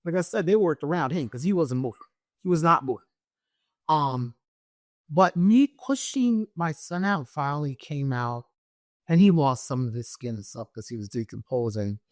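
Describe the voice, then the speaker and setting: A middle-aged woman with a naturally loud voice, a guest telling an emotional personal story and acting out what others said. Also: very deep voice, dry recording, clean studio sound. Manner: animated, acts out what others said.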